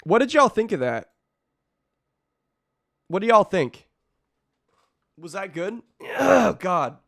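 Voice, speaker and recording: A young man streaming, his voice hoarse and nearly worn out. He rambles in slangy casual chat and keeps breaking off mid-sentence. The sound is dry and close to the mic, pitched a touch high. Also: sing-song, slow, fairly bright tone, no echo, soft background music. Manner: rambling, slangy, self-interrupting.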